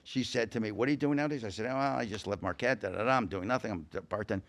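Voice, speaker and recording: A man's voice: on the low side, rapid-fire. An older man, a podcast guest, telling comic stories in casual chat and acting out the voices of everyone he quotes. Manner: animated, acts out every quoted voice.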